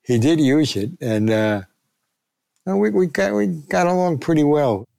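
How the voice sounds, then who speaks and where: A man's voice: on the high side, expressive, unhurried, mellow. An older man, a retired sports columnist, telling anecdotes as a guest and acting out the voices he quotes. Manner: gravelly, acts out quoted voices.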